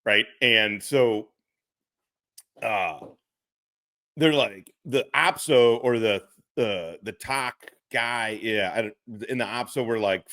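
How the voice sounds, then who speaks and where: Bright, profane man telling war stories. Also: on the low side, slow pace, no room sound, studio quality. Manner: rambling, profane, laughing, acts out quoted officers. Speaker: podcast co-host. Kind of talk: casual storytelling.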